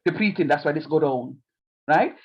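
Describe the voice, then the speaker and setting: High-voiced man teaching on a call. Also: expressive, normal speed, slightly rough, lo-fi sound. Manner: repetitive, explaining step by step. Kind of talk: online class teaching.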